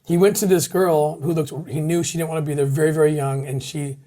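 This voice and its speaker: Animated man telling an interview story. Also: on the high side. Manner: animated, quick restarts and repeated words. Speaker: anti-trafficking organization leader.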